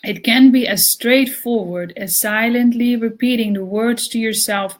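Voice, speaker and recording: A woman's voice: a little high, a little slow, hardly any pauses. Woman reading yoga commentary aloud.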